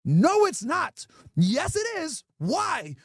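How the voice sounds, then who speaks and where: A man's voice: very high-pitched, huge pitch swings, slow, dry recording, studio quality. A man streaming to his chat, ranting emphatically and mockingly with lots of rhetorical questions. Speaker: streamer and podcast host. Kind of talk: ranting commentary to a live chat.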